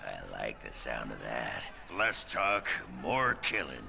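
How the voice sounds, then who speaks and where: Savage game companion: rock-bottom pitch, crackling grit, drawn-out delivery. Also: male voice, very animated, bright, forceful tone, heavily acted. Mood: gleeful. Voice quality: gravelly, very deep. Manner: slow, relishing menace. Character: bloodthirsty gravelly male party companion. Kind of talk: video game voice acting.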